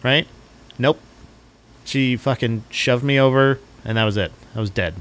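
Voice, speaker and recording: A man's voice: medium pitch, unhurried, fairly bright tone. A young man co-hosting a podcast, chatting casually, rambling and swearing and mocking himself. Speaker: podcast co-host. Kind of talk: casual chat.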